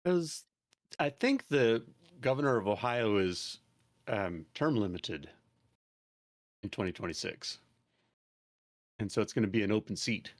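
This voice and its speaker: A man co-hosting a casual podcast chat, talking hesitantly with many pauses. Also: lowish voice, animated. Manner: hesitant, full of uh pauses and restarts. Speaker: podcast co-host.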